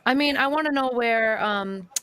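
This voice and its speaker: A woman's voice: fairly high pitch, moderate pace, a bit bright, clear, resonant tone, no room sound, clean studio sound. A woman co-hosting a podcast in casual chat, earnest and emotional, thinking aloud as she talks. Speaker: podcast co-host.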